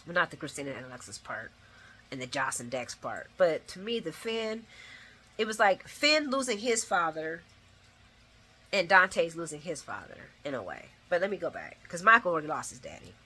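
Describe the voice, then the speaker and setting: A woman's voice: low-pitched, big pitch swings, moderate pace, bright, forceful tone, breathy edge. A woman hosting a casual soap opera recap, talking animatedly, laughing and acting out the characters' lines with slang. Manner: uses casual slang and swearing.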